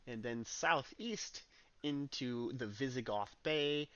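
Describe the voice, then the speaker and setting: A man narrating as game master of a tabletop game, relaxed and rambling, with plenty of fillers. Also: mid-range voice, takes it slowly, clear, resonant tone, no echo, muffled recording.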